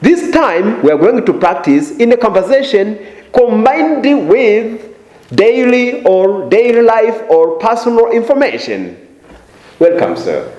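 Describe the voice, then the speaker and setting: Slow, singsong teacher with a lively voice. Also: male voice, high-pitched, highs cut off. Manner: exaggerated rising intonation on example phrases. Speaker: English teacher. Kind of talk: slow, deliberate language lesson. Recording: roomy echo.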